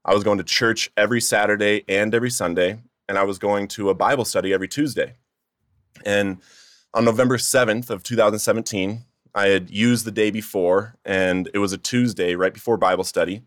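Earnest man with a low dry voice. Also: steady tone, fairly quick, dry recording. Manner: earnest, emotional storytelling, rising to near-shouting in retold pleas. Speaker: testimony speaker. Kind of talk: personal recovery testimony.

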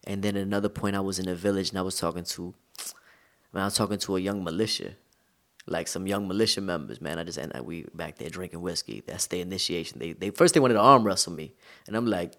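A man from the United States, a guest in an interview, telling stories in a relaxed, slangy, conversational way. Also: low-pitched, fast. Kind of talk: casual storytelling interview.

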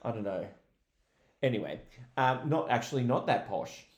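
A man co-hosting a podcast in casual chat, telling things in a lively, animated way. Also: mid-range voice, normal speed. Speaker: podcast co-host. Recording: roomy echo.

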